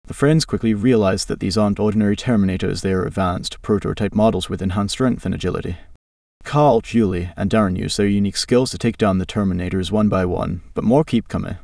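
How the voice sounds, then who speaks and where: Low gravelly guy reading out a story, kinda flat, dry room, sounds a bit off from the mic. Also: fairly quick, dry recording, far from the mic. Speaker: narrator. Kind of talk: reading a generated adventure story aloud.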